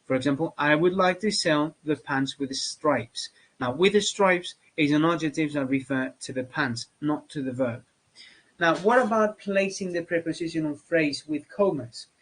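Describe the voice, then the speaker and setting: A man's voice: on the high side, moderate pace, fairly bright tone, husky, poor audio. Hesitant man teaching English grammar. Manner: hesitant, many fillers and restarts. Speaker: English teacher for exam candidates. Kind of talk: spoken grammar lesson.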